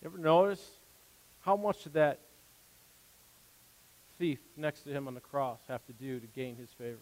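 In a church sanctuary, this man delivers a sermon as pastor, his voice on the high side with lively intonation and a somewhat dark tone. He keeps a moderate pace, speaking earnestly and conversationally, with rising emphasis and the occasional aside, all wrapped in long hall reverb.

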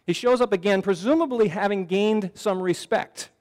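A man's voice: high voice, moderate pace, darkish tone. Man preaching in a reverberant church hall. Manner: earnest, conversational preaching with frequent restarts. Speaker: pastor. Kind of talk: sermon. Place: church sanctuary.

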